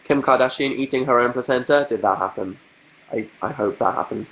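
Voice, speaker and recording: A young man from England, stuffed up with a cold, hosts a relaxed livestream from home and answers viewer questions through a webcam mic. His humour is dry and self-mocking, and he keeps joking about how ill he is. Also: medium pitch, brisk, low-quality recording. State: has a cold, sniffling. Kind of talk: casual livestream chat.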